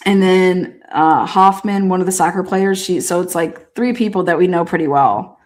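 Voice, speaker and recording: A woman with a slightly low voice tells loose, rambling stories in a casual way. She swears freely, trails off and restarts, and breaks into laughter often. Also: moderate pace, darkish tone. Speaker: host. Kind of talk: casual storytelling.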